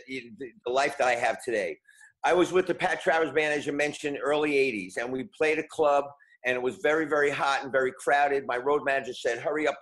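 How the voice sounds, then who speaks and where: Brief: man, 60s, interview guest, mid-pitched, chatty, rambling storyteller who doubles back on his words. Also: fairly bright tone, low-quality recording. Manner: rambling, repeats words, acts out quotes. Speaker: guest musician.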